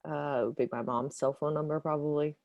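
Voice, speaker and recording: A woman with a notably low voice plays a tabletop horror game, talking through her character in a loose, rambling way, full of fillers. The sound is dry and close. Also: steady tone, fast talker, a little mellow, no room sound, highs cut off. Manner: rambling, filler-heavy, casual. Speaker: player. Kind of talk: tabletop role-play, describing her character.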